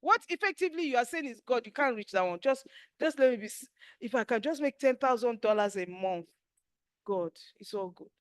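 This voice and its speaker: High-voiced, emphatic Nigerian woman teaching. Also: brisk, dry recording, studio quality. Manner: animated, emphatic storytelling with acted quotes. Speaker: spiritual class teacher. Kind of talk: spiritual teaching talk.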